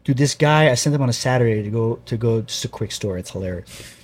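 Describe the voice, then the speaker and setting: A man's voice: medium pitch, animated, fast, husky. A man guest on a podcast, chatting casually and telling rambling stories full of filler words. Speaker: guest, plumbing contractor.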